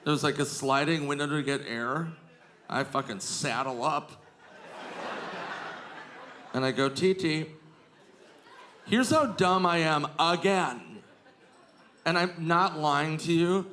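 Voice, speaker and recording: A male stand-up comedian telling self-mocking stories on stage in a lively anecdotal way. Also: on the high side, a little slow, long pauses. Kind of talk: stand-up storytelling. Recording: live club recording with crowd noise. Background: audience laughter.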